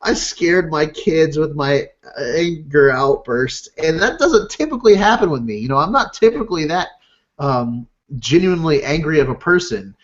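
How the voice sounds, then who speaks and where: Animated man telling a story, lo-fi. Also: fairly high pitch, normal speed. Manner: animated, self-deprecating storyteller. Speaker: podcast co-host, father. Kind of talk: casual storytelling chat.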